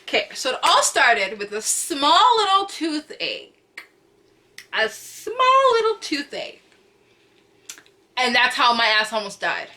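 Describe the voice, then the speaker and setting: Animated young woman telling a storytime. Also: high voice, slow pace, long pauses. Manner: animated, chatty, slangy, repeats phrases for emphasis; acts out quotes with loud cries. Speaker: vlogger. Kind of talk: storytime vlog.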